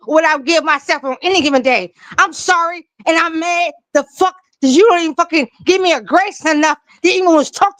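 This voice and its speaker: A woman's voice: very high voice, fairly bright tone, dry recording, rough recording. A woman co-hosting a live stream who rants loosely and profanely, sounding tipsy and laughing often. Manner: fiery, ranting, repetitive, laughing often. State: tipsy from drinking.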